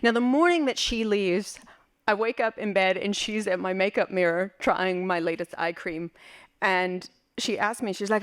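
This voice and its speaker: A woman from West Berlin performing a personal story live, in an animated, vivid and playful way. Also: mid-range voice, normal speed. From West Berlin, Germany.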